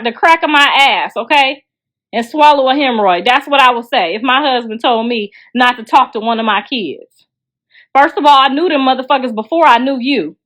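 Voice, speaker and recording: Middle-aged woman, livestream host, blunt profane rant, slightly high voice, phone mic. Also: a bit bright. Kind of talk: ranting livestream chat.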